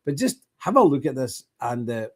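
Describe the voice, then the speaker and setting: A man's voice: mid-range voice, big pitch swings, moderate pace. A man hosting a livestream in a casual, rambling monologue, greeting and answering viewers by name. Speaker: livestream host.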